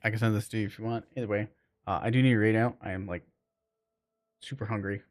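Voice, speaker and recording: A man's voice: fairly low pitch, steady tone, racing, dry recording, clean studio sound. A man streaming a game, chatting loosely with his viewers and rambling with lots of fillers. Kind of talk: casual live-stream chat with viewers.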